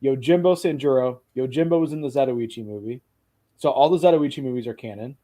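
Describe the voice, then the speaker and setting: A man's voice: mid-range voice, fast, dark tone. A man hosting a casual podcast chat, talking with enthusiasm and rambling a little, with casual swearing.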